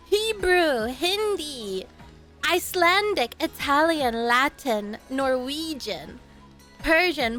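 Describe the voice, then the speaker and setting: A young woman live-streams over soft background music, her voice high and light as she rambles through tangents and laughs a lot. Mid-story, she stops to greet viewers by name.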